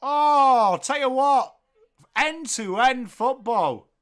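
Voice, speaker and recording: Man, English accent, high bright voice, unhurried, jokey live football watchalong host. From England. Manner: excitable, jokey, bursts into loud calls of the play. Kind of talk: live football commentary and chat with viewers.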